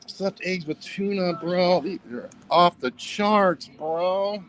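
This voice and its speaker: An American man vlogs as he walks around a beach town and its mini market, rambling casually and tacking "bro" onto almost every line. His voice sits slightly high for a man. Faint street noise runs underneath. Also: takes it slowly, fairly bright tone, low-quality recording. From United States. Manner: rambling, says "bro" constantly. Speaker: travel vlogger. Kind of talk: casual vlog chat.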